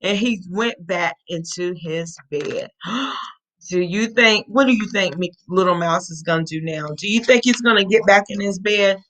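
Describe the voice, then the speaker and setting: A woman reading a children's storybook aloud, animated and often asking her young listeners questions. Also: medium pitch, measured pace, poor audio.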